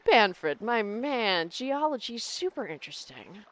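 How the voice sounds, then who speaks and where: A woman's voice: fairly high pitch, sing-song, measured pace, a bit bright. A woman game streamer talking in casual live-stream chat, rambling and laughing often.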